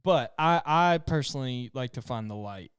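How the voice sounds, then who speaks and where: A man's voice: medium pitch, expressive, moderate pace, clean tone, dry recording, studio quality. A man from Tennessee, chatting casually on a podcast and laughing through his stories.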